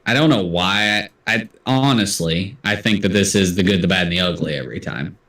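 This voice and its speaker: A man's voice: low voice, fairly quick, sharp tone, distant mic. Chatty male trivia host, roomy sound. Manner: chatty, self-deprecating, reads answers aloud. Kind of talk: casual livestream trivia hosting.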